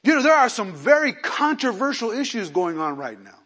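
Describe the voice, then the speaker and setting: A man pastor preaching a sermon with animated swings between loud emphasis and quiet asides, acting out quotes. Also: extremely high pitch, moderate pace, slightly rough.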